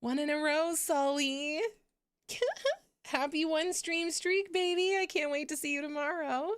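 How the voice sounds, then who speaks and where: A young woman hosts a gaming livestream, chatting casually with viewers while giggling and swearing freely. Her voice is high-pitched with fairly even intonation, her pace unhurried, and the recording dry.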